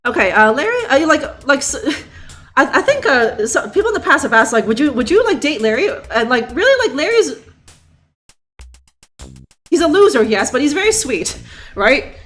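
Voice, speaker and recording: Bright, high-voiced sarcastic woman streamer. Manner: sarcastic, rambling, laughs often. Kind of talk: live game commentary.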